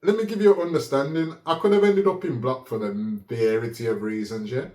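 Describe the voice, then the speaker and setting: A man telling a story in a casual, animated way, laughing often and checking in with "yeah?". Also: mid-range voice, fairly quick. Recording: roomy echo.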